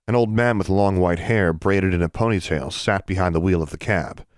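Reading from a fantasy novel, this very low-pitched male narrator keeps to a steady, measured delivery of the scripted text. The sound is dry and echo-free.

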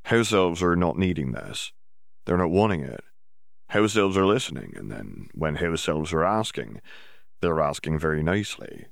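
Male narrator puts on a gentle male house elf, low and gravelly, quaint grammar, humble and evasive. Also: very animated, moderate pace, no echo, clean studio sound, full character voice. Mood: earnest. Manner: odd elf grammar, third-person self-reference.

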